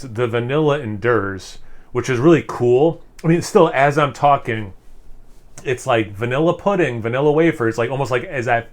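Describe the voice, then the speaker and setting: Guy reviewing a beer on camera, excited and rambly, lots of likes and ums, middle-pitched voice. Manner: enthusiastic, rambling with fillers and restarts; speaking while sipping and savoring. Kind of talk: casual tasting review.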